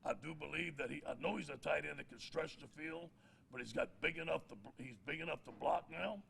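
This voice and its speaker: A man's voice: a little high, fairly quick, gravelly, fairly bright tone, slight background noise. A middle-aged man, a head football coach giving a press conference speech with folksy stories and jokes. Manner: folksy storyteller, laughs at his own jokes.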